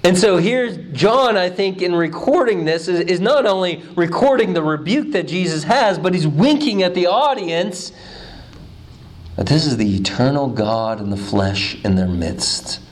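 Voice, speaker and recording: Male pastor with a high voice; animated, emphatic sermon delivery with restarts. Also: measured pace. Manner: animated preaching, pitch swings from low and quiet to high and emphatic; repeats words when starting phrases.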